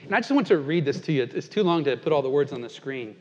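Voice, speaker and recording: Man pastor, earnest sermon, slightly high voice, long hall reverb. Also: animated. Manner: earnest, dynamic preaching with slow emphatic quotations and soft low drops. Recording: dull sound with long reverb in a large hall.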